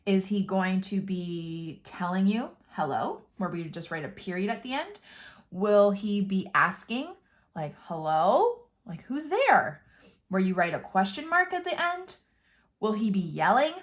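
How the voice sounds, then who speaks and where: A woman teacher walks young children through a drawing and writing lesson step by step. She explains patiently and encouragingly, dropping in playful little sound words as she draws. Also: mid-range voice. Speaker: kindergarten teacher.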